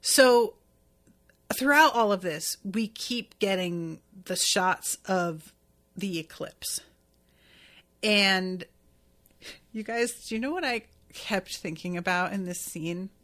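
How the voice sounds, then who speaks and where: A woman hosting a podcast, casually recapping an anime episode in a chatty, animated way, often acting out what characters say. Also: mid-range voice, slow pace, pauses often. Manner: chatty, animated retelling with quoted voices. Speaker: podcast host.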